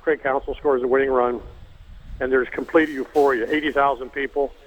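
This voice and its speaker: An older man telling a heartfelt family story as a guest, halting with frequent fillers and restarts. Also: medium pitch, level tone. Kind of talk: emotional personal storytelling. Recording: tinny phone line.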